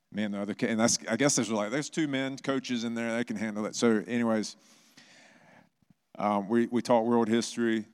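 Man, middle-aged pastor, relaxed storytelling sermon, lowish voice, in a church. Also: smooth. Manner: conversational, storytelling, animated bursts. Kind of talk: sermon with personal stories.

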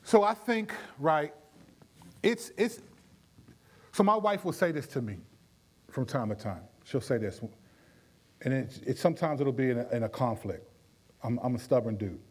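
A man, a pastor, teaching in a conversational Q&A with lively energy and frequent restarts. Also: medium pitch, moderate pace, pauses often. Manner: animated, with frequent restarts and playful voices.

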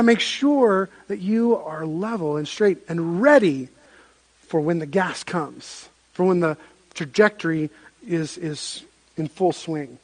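A man preaching a sermon as pastor, telling stories in an animated way with frequent restarts. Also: fairly high pitch, slow.

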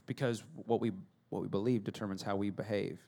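A middle-aged man preaching a sermon as a pastor, telling stories with humor and swinging between loud and hushed delivery. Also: lowish voice, steady tone, a little fast, vocal fry.

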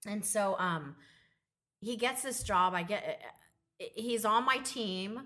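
A woman's voice: medium pitch, slow pace. A woman co-hosting a casual podcast, telling a workplace story with lots of swearing and acted-out voices. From Southern California. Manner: swears freely, tells stories with loud laughing impressions. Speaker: podcast co-host. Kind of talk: casual chat.

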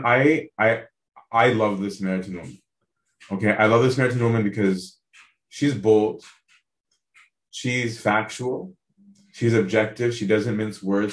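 A man teaching a casual Bible study, talking conversationally, often checking in with his listeners and restarting his sentences. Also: lowish voice. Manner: conversational, keeps checking in with "right?"; frequent restarts and repeated words. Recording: echoey room.

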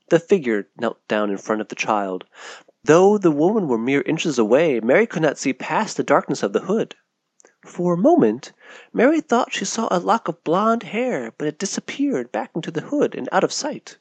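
Expressive, lively storybook narrator, a man. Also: mid-range voice, no room sound.

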